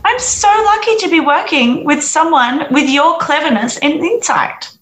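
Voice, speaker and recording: A woman's voice: sits high, expressive, measured pace, fairly bright tone, reverberant, slight background noise, low-quality recording. A woman playing a vain young actress who wants attention. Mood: sweet. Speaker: lead actress in the play.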